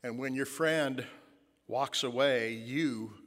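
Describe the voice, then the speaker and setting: Taking it slowly, a medium-pitched man with a fairly bright tone delivers a sermon as a pastor. He muses, using fillers, and brings a story to life in the second person, with the long reverb of a large hall on the recording.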